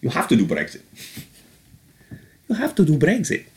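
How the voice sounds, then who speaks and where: A man putting on a soft-spoken Russian leader voice. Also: on the high side, huge pitch swings, moderate pace, pitched above the performer's own voice. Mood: smug. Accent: put-on Russian-ish accent. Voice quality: soft, quiet.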